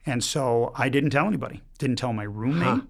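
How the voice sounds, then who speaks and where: A middle-aged man from Michigan, a priest guest, telling stories in a lively way with quick bursts and many restarts. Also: medium pitch, vocal fry. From Michigan, United States. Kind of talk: casual storytelling chat.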